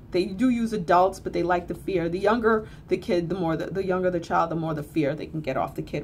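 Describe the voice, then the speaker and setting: A woman's voice: fairly low pitch, a little hiss or hum. A woman telling a story in a casual, blunt, earthy way, swearing freely and repeating phrases for emphasis. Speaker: spiritual teacher.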